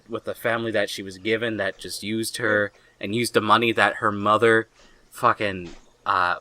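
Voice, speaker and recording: A young man co-hosting a podcast in casual chat, rambling excitably and swearing a lot. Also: fairly low pitch, dry recording. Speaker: podcast co-host.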